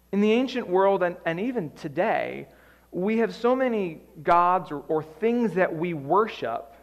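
A man preaching with a high, light voice that rises and falls as he acts out scenes with playful energy. His words carry a long reverb tail, as though spoken in a large hall. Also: muffled recording. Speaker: pastor. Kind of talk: sermon.

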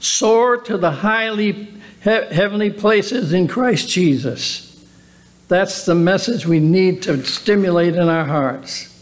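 A man pastor giving an earnest sermon with rhetorical questions. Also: sits high. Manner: earnest, slow, drawn-out preaching with rhetorical questions.

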